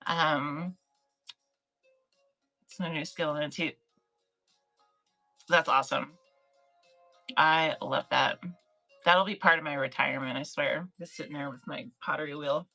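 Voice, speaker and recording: A woman's voice: sits low, pushed and bright, poor audio. A woman hosting a casual livestream for online sellers, chatty and encouraging, greeting viewers from the chat by name. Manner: chatty, encouraging, reads chat names aloud.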